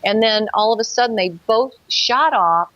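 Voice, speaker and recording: A woman's voice: fairly high pitch, normal speed, fairly bright tone, dry recording, lo-fi sound. Earnest woman recounting a personal experience. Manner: earnest storytelling, acts out her own past thoughts. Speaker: guest telling her experience. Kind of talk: personal account in an interview.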